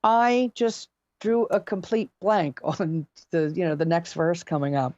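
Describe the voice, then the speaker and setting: A middle-aged woman from near Philadelphia, a singer telling gig stories as a podcast guest, animated and chatty with many restarts. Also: fairly low pitch, a little slow, no room sound, highs cut off. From near Philadelphia, USA. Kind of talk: casual storytelling.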